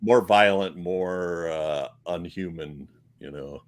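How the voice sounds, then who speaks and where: A man hosting a podcast, talking in a halting casual way with many pauses. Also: low voice. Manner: halting, full of uhs. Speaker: podcast host. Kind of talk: casual chat.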